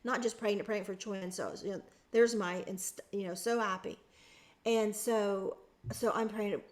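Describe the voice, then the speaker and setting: A woman's voice: mid-range voice, steady tone, measured pace. A woman guest on a podcast, recounting a personal experience in an earnest, emotional way with frequent restarts. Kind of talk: personal storytelling in an interview.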